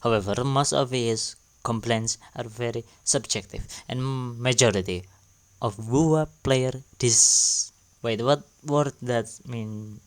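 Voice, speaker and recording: A man's voice: mid-range voice, slow. Man narrating a recap. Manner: plain, slightly broken English delivery. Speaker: video narrator.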